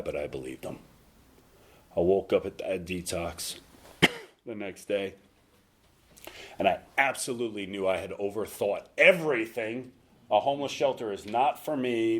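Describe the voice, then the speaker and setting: A man with a lowish voice tells his recovery story to a meeting. He is frank and self-mocking, and he keeps his dry jokes at his own expense. He shifts easily from humor to quiet, serious moments. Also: breathy edge. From North Carolina. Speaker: recovery speaker.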